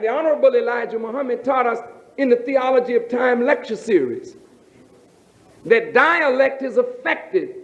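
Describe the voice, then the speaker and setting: A man preaching as a minister, emphatic, with rhetorical questions and drawn-out phrasing. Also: very high-pitched. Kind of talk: sermon. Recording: roomy, dull lo-fi recording.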